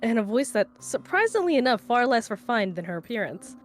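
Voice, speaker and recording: A woman's voice: fairly high pitch, big pitch swings, fairly quick. A young woman co-streamer reading game narration aloud, with teasing, chatty banter. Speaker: streamer co-host.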